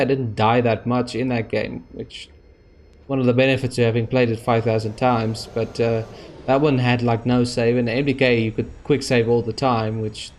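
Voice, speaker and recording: A man's voice: mid-range voice, a little mellow. A man giving rambling let's-play commentary over a space game, with many fillers and restarts. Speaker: gaming YouTuber.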